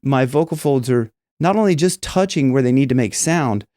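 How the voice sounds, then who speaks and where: A man's voice: medium pitch, animated, moderate pace, mellow, dry recording, studio quality. A man teaching singing in a casual, rambling way, with many restarts and demonstrations. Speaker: vocal coach.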